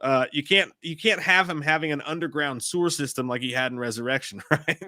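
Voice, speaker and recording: A man in his thirties co-hosting a casual live movie chat, telling profane, animated stories. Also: a little high, fairly quick, no room sound, studio quality. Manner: animated, profane storytelling with frequent laughs. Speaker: co-host of a live movie talk show.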